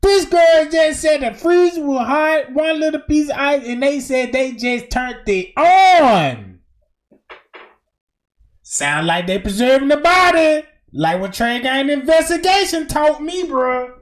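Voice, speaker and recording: A man giving animated, slangy commentary on a clip during a livestream, exclaiming and cutting in. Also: very high-pitched, takes it slowly. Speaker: stream host reacting to a clip.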